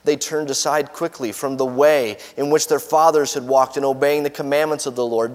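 A man's voice: moderate pace, few pauses. Preaching man in a reverberant hall. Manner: expressive, rising for quoted voices and dropping low and soft at phrase ends. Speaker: pastor. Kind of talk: sermon reading and explaining scripture.

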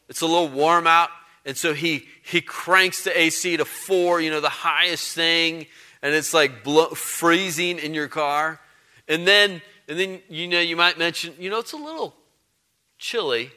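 Man, pastor, sermon, conversational and emphatic, slightly high voice. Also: bright, forceful tone, clear, resonant tone. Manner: conversational, emphatic, with repeated phrases.

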